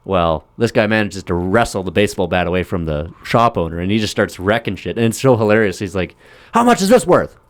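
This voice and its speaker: Low-voiced guy, podcast chat, bursts into voices when retelling scenes, dry sound. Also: fast talker, hardly any pauses, no echo. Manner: animated storytelling, acting out film scenes in raised voices. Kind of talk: casual chat.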